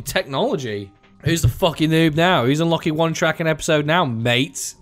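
A young man giving casual, excitable gameplay commentary, swearing freely and swinging between mumbled asides and loud outbursts. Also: fairly high pitch, moderate pace. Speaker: gaming video host. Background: faint background music.

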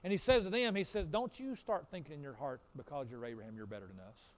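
A man preaching a sermon as pastor, swinging between loud emphatic repeated lines and quiet low asides. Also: fast talker.

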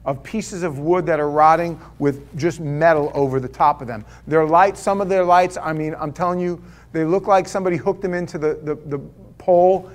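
A man preaching in church, his voice sitting a little higher than most men's. He tells his sermon as a loose, conversational story and keeps asking the room rhetorical questions. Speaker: pastor.

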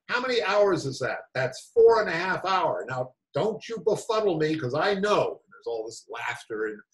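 A man's voice: fairly high pitch, poor audio. A man giving a rambling, incredulous commentary as a meditation teacher. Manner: animated, incredulous, rambling asides. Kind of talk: reading and commentary on a spiritual talk.

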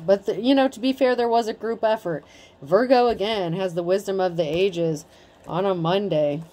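A woman's voice: mid-range voice, normal speed, mellow. A woman in her thirties giving a casual tarot reading in a blunt, chatty way, swearing freely. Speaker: tarot reader.

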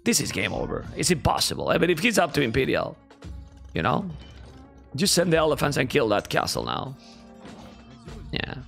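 A young man with a Spanish accent, speaking English as a second language, giving live esports commentary in an excitable way and reacting loudly to viewers. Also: medium pitch, moderate pace, vocal fry, long pauses, soft background music. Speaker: esports caster.

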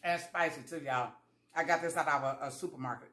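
A low-pitched woman with a slightly bright voice talks fairly quickly in a roomy-sounding eating vlog. Chatting casually with viewers over her food, she spins folksy stories and plays both parts in conversations.

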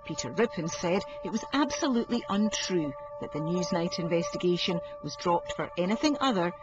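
Brief: documentary narrator, measured and grave, mid-pitched, with music underneath. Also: animated. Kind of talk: scripted narration. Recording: dull audio under music. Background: music bed.

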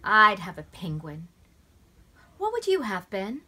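A woman reading aloud, voicing a small, stubborn, squeamish girl with high, squealing protests. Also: wildly swooping pitch, unhurried, sharp tone, full character voice. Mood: chirpy.

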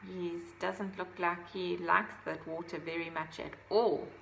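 A woman reading a children's picture book aloud, gently adding her own asides about the pictures. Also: fairly low pitch, fairly even intonation, a little slow, gravelly, slight background noise, rough recording. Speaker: storybook reader.

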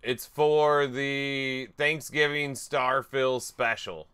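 Male livestream host, unhurried delivery, bright and smooth tone, easygoing. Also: mid-range voice, steady tone. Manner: easygoing, reading out viewer names. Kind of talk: casual livestream chat.

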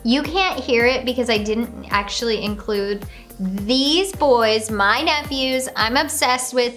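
A woman's voice: high-pitched, pushed and bright. A woman casually reacting to her own video, gushing and bubbly, often gasping and laughing.

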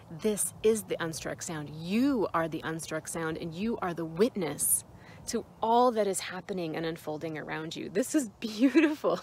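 A woman giving a gentle, heartfelt mindfulness talk outdoors, speaking slowly with emotional pauses. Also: mid-range voice. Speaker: mindfulness vlogger. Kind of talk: reflective spoken meditation talk. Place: outdoors in nature.

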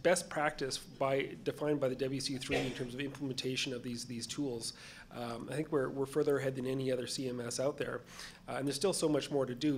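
A man speaking on a conference panel, halting and repeating words as he searches for phrasing. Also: mid-range voice, slight background noise. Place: conference session room.

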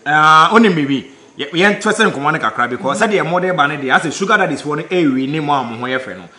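A man's voice: on the high side, expressive, fast talker, pushed and bright. A man interviewing, chatty and laughing, mixing Twi and English. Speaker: street interviewer. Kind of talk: casual interview chat. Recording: roomy echo.

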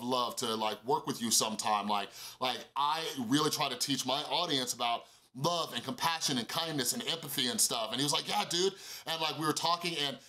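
A man telling a casual storytime vlog, animated and full of fillers, acting out quoted dialogue in a higher voice. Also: rough recording. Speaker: YouTuber.

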